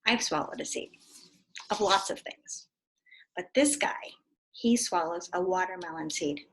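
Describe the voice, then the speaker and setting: A woman teacher giving a read-aloud lesson to young children, animated and full of questions, sometimes dropping to a whisper. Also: fairly low pitch, unhurried.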